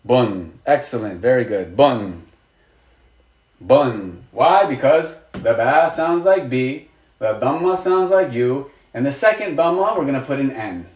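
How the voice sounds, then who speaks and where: A man's voice: medium pitch, lively intonation, normal speed, a little mellow, roomy sound. A man teaching a live online lesson, patient and encouraging, asking students questions and praising their answers. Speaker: Arabic teacher.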